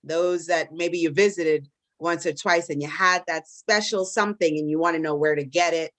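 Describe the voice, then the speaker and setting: A woman from the Caribbean diaspora in the US hosts and moderates a live podcast debate, chatting casually with many fillers and restarts and poking fun at herself. Her low, fairly bright voice has fairly even intonation and a normal pace, with no room sound.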